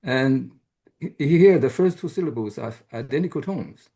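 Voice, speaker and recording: A man lecturing at a colloquium in a gravelly, creaky voice. He pauses often, filling gaps with "uh" and restarting his phrases as he works through his points. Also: mid-range voice, animated, mellow. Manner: hesitant, many fillers and restarts. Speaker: guest lecturer. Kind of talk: academic lecture.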